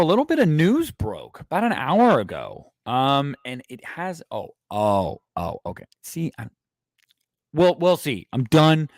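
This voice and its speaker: A man hosting a movie news livestream who rambles, jokes crudely and talks animatedly to his viewers. His voice sits at an ordinary middle pitch. The sound is dry and close, with no room echo. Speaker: host of a movie news stream. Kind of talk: casual livestream chat.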